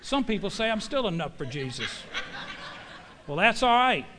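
A man's voice: high-pitched, big pitch swings, moderate pace, background noise. A man preaching a sermon to a congregation in a church, in a folksy, emphatic way full of homespun sayings.

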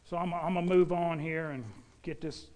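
An older man preaching a sermon in a folksy, animated way, talking straight to the congregation. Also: on the high side, normal speed, slight background noise. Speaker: pastor.

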